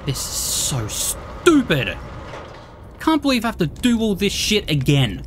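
A woman's voice: mid-range voice, huge pitch swings, unhurried, slight background noise. A woman giving let's play commentary, ranting and swearing at enemies in exasperation. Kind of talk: gameplay commentary.

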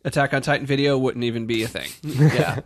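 A man's voice: mid-range voice, fairly even intonation, fairly quick. A man hosting a casual podcast, friendly and joking, often laughing as he talks. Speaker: podcast host.

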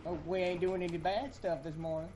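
A man voicing a folksy Southern male police officer with an exaggerated put-on Southern US accent. He drawls in a mock-polite way and stalls with fillers, over steady background noise. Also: high-pitched, brisk, pitched above the performer's own voice, natural voice.

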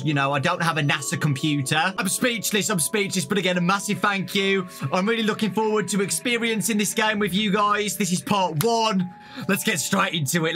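A young British man giving excitable let's-play commentary, often shouting and exclaiming. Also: high voice. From Britain. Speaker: gaming YouTuber.

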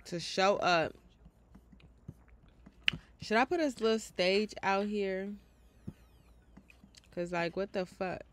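A woman's voice: medium pitch, slow pace, pauses often, slight background noise. A woman streamer, commenting on a game in a casual, profane way and talking to her viewers. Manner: profane, animated, talks to viewers. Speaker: gaming streamer. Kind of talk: casual let's play commentary.

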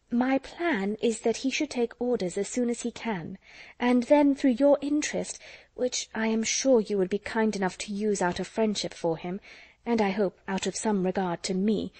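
A woman reads a jealous, scheming young lady in a storybook, speaking in a mellow, slightly raised voice. She sounds earnest and confiding. The sound is close and dry. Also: fairly high pitch, dry recording, lightly acted.

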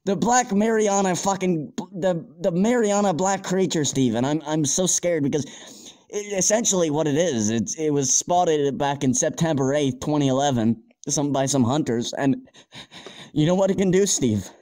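A man voicing a jittery young man in a homemade audio drama, stuttering over his words and cursing in a frantic rush. His voice sits a bit high for a man. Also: normal speed, mellow, lightly acted. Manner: stammering, swearing, frantic. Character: panicky young man, jittery amateur scientist.

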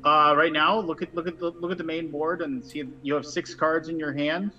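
A man's voice: on the high side, fairly even intonation, brisk, bright, forceful tone, dull audio. A man hosting a board game session, chatting casually and explaining rules with dry sarcastic asides. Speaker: board game show host.

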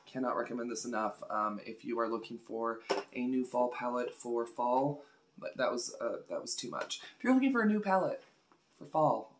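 Gushing chatty woman vlogger. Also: rumbling low. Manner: chatty and gushing, repeats words for emphasis. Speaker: beauty vlogger. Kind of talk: casual product review vlog.

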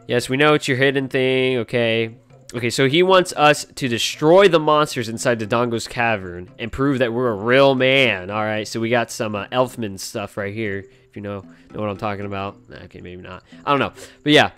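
A man's voice: medium pitch, normal speed, fairly bright tone, clear, resonant tone. A man giving casual, rambling and profane commentary on a video game from his home, joking as he plays. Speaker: gaming channel host. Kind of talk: casual let's play commentary.

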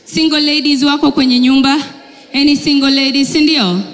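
A woman doing stand-up comedy in an animated, teasing way, mixing in English phrases. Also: high voice, brisk, long reverb tail.

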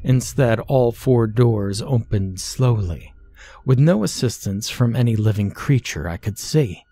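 A man narrating a scary story in a steady, measured way. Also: mid-range voice. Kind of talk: scripted horror story narration.

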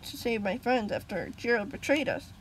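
A woman's voice: a little high, lively intonation, normal speed, a little hiss or hum, rough recording. A woman voicing a determined young boy hero in a storybook reading, speaking urgently and firmly. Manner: urgent, commanding.

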